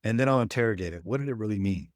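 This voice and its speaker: A man's voice: on the low side, very fast, dry recording, studio quality. A man leading a relationship workshop, speaking to a live audience in a folksy way and acting out bits of dialogue. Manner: folksy, acts out quoted dialogue. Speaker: relationship coach.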